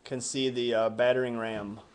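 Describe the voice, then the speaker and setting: Relaxed male interview host. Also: medium pitch, moderate pace, a little hiss or hum. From United States. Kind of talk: casual interview.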